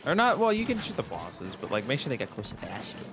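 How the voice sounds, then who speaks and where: A man's voice: mid-range voice, huge pitch swings, fast. A young man chatting while gaming, teasing his friend and giving tips. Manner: teasing, coaching, exclaims loudly. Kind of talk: casual gaming chat.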